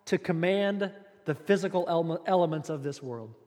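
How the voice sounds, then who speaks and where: A male pastor delivers a sermon with a fairly high voice. He tells the story in an animated way, playful asides and jokes in between. A long reverb from the hall trails behind him. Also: moderate pace.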